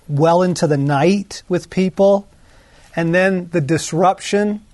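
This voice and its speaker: Slow, conversational male Bible teacher. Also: dry recording. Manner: conversational, animated, acts out quotes with shifts in pitch.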